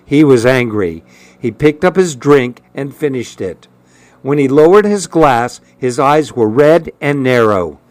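Slow-reading male storyteller. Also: medium pitch, no room sound. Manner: unhurried, even first-person storytelling. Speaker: narrator.

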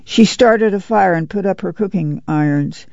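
Gravelly man reading a novel. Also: sits high, a little mellow, no echo, muffled recording. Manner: measured, unhurried storytelling. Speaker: audiobook narrator. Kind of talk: scripted novel narration.

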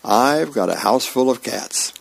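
A man's voice: mid-range voice, lively intonation, measured pace, gravelly. A man voicing a wry older woman, the sister in a comic strip, in a dry, lightly raised reading voice.

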